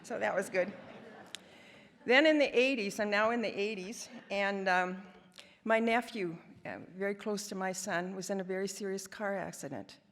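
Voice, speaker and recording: Speaking at a moderate pace in a mid-range voice, this Canadian woman in her seventies gives her personal testimony as a guest speaker. Her stories carry a wry, self-deprecating humor, and the large hall adds a long reverb.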